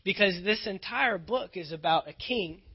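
A man's voice: sits high, expressive, normal speed, slightly rough. A male pastor preaching a sermon, earnest and emphatic, often repeating phrases for weight. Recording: dull lo-fi recording.

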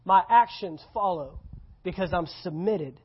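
Here a male pastor delivers a church sermon, talking conversationally but with emphasis and repeating his main points. He has a high, breathy voice and speaks a little slowly. It's captured on a slightly dull, lo-fi recording.

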